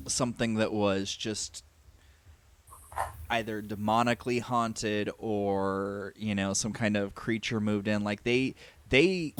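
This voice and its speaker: A man's voice: on the low side, fairly bright tone, slight background noise. A man narrating as game master, explaining what the players know over a video call. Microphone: desk mic on a video call.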